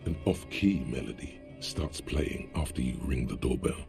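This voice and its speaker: A man giving scripted narration for a video game, in a measured tone. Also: extremely low pitch, expressive, exaggerated voice. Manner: gravelly, measured. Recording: game audio over the stream, faint music.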